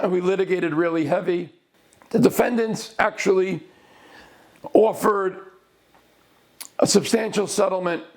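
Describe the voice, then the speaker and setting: A middle-aged male lawyer recounting a past case, speaking deliberately in short phrases and slowing down to stress key words. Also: a little high, vocal fry, a little mellow. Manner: deliberate, broken into short phrases, with slowed emphasis.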